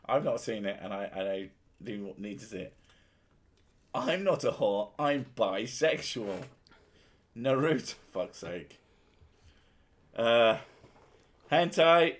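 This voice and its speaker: A man with a mid-range voice is streaming and chatting casually, full of crude, profane jokes and frequent laughter. His intonation is lively, but he speaks slowly and leaves long pauses.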